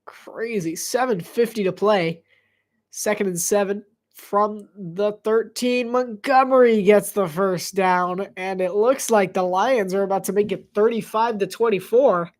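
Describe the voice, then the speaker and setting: A woman giving solo live play-by-play commentary on a football game, chatty and quick to laugh, joking between plays. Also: mid-range voice, a little mellow.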